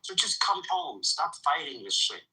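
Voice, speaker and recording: A man's voice: a little high, sing-song, moderate pace, sharp tone, poor audio. A man hosting a heated group debate, combative and insulting, talking over others. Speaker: stream host.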